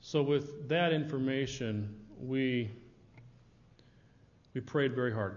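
A man sharing his missionary story with a church audience, relaxed and anecdotal. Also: medium pitch, a little slow. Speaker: missionary presenter. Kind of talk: church presentation talk. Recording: dull sound with long hall reverb.

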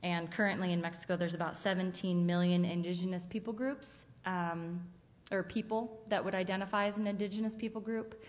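A woman's voice: on the low side, steady tone, a little fast. A woman giving a casual, conversational missionary presentation to a church audience. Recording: dull sound with long hall reverb.

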